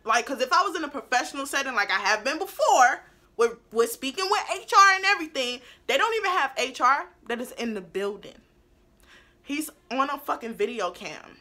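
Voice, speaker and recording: A young woman telling a casual storytime, animated and blunt with plenty of swearing, dropping into low asides and rising into loud outbursts. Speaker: beauty vlogger telling a story.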